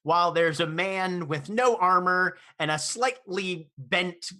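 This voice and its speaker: A man's voice: high-pitched, takes it slowly, sharp tone. A man running a tabletop game as game master, narrating scenes and laughing often as he goes.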